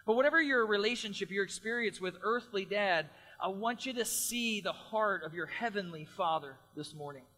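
A man's voice: high-pitched, lively intonation, normal speed, hardly any pauses, pushed and bright, big-room sound. A middle-aged man delivering a sermon as pastor, earnest and emphatic, with repeated phrases.

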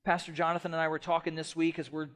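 A middle-aged man preaching a sermon as pastor, passionate, shifting between loud emphatic stretches and soft quiet ones. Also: a little high, level tone, fast.

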